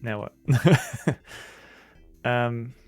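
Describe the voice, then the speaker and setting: A man's voice: medium pitch, very slow, faint music behind. A man streaming an old computer game, rambling casually, chuckling and greeting chat.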